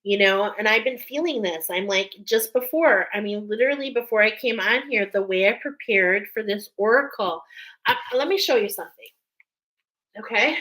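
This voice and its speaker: A woman's voice: medium pitch, lively intonation, normal speed, sharp tone, poor audio. A woman giving an intuitive spiritual reading to her viewers, rambling with many fillers and getting emotional as she speaks. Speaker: spiritual card reader.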